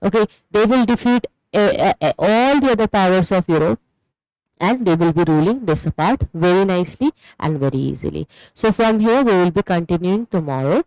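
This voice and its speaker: A teacher with an Indian English accent delivers an online history lecture for exam preparation. The voice is clear and smooth, with a dry, close sound and no room echo. The delivery explains step by step and keeps checking in with "okay" while pointing things out on a map. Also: medium pitch, expressive, normal speed, a little mellow.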